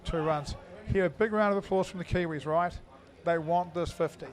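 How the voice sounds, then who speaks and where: A man's voice: a little high, normal speed, slight background noise. A middle-aged man giving live indoor cricket commentary, chatty and full of fillers as he thinks aloud.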